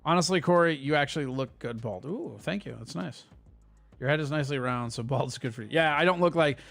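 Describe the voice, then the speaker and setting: Gravelly, profane live-stream host. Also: male voice, medium pitch, fairly bright tone. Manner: loose, profane, reads chat aloud. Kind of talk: casual live stream chat.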